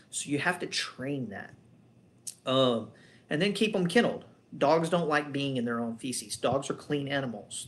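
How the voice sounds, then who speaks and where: A man, a dog trainer, explaining training in a loose, conversational way, wandering between points and posing rhetorical questions. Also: medium pitch. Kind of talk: casual instructional talk.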